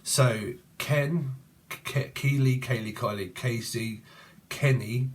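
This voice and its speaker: An English-accented man reads tarot off the cuff, his voice at an ordinary middle pitch. He free-associates loosely and throws in crude jokes as he goes. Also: slow pace. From Cambridgeshire, England. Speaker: tarot reader. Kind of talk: casual channeled tarot reading.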